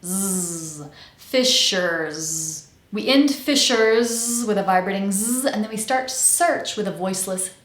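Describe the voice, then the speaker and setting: A woman with an American accent teaching pronunciation, enunciating slowly and stretching out each sound. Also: on the high side, echoey room. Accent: General American. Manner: slow, exaggerated enunciation with drawn-out sounds. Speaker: accent coach. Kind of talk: pronunciation lesson.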